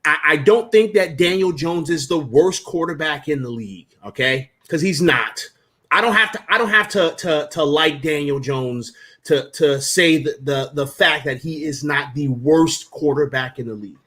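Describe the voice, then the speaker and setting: A man co-hosting a casual sports talk show, animated and repeating himself for emphasis. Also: fairly high pitch, moderate pace. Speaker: podcast co-host.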